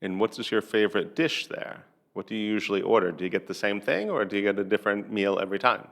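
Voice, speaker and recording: Low gravelly man asking practice questions. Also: a bit bright. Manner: measured, pausing between questions. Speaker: English teacher.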